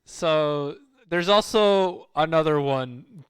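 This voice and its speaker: A man's voice: on the high side, unhurried, fairly bright tone, smooth. A man chatting casually on a live stream, rambling and stumbling over repeated words.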